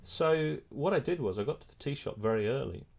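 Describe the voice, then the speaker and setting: Middle-aged male photographer, mid-range voice, animated anecdote-telling, frequent restarts. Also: medium pitch, brisk, vocal fry. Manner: animated storyteller, many restarts. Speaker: photographer and filmmaker. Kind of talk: casual anecdote in an interview.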